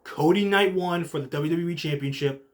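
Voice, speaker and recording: A young man hosts a casual show and recaps wrestling in an excitable, rambling way, full of fillers like "like" and "literally". His voice sits a little high for a man. He drops to low muttering, then jumps to shouting. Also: normal speed. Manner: heavy use of filler like "like" and "literally". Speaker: podcast host.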